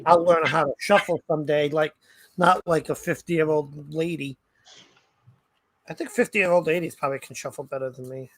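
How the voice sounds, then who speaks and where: A woman's voice: sits low, steady tone, moderate pace, no echo, rough recording. A woman in her forties co-hosting a live online tarot reading, teasing and playful as she reads cards. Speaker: co-host tarot reader.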